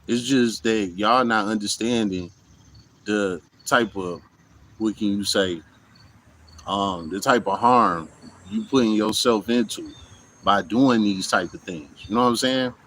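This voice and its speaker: A man's voice: fairly low pitch, unhurried, fairly bright tone, a little hiss or hum, poor audio. A man in a casual monologue to camera, blunt and profane, often saying "you know what I'm saying", recorded outdoors. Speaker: vlogger. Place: outdoors in hot weather.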